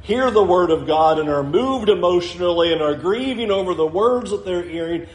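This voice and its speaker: High-voiced male pastor preaching. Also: lively intonation, normal speed. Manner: explanatory with dry humor. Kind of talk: expository sermon. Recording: roomy echo.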